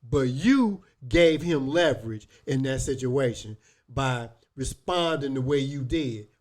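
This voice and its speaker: A man co-hosting a casual podcast. He tells stories in an animated, profane way. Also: medium pitch, measured pace. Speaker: podcast co-host. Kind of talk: casual chat, storytelling.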